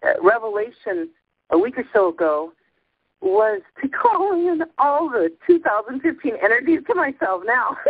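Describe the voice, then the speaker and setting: Ecstatic woman caller, high lively voice with a gravelly edge, shaking with emotion, dry phone-line audio. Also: dry recording. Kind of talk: spiritual call-in chat.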